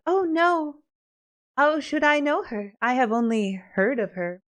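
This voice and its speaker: A woman voicing a young maid in disguise, speaking in a high sing-song, old-fashioned manner. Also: lively intonation, a little slow. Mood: evasive.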